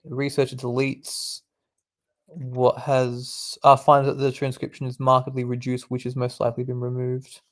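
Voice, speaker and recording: A man's voice: mid-range voice, monotone, moderate pace. A young man, a medical student, reading quiz questions aloud and explaining the answers in a laid-back, casual way. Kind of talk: casual quiz study session.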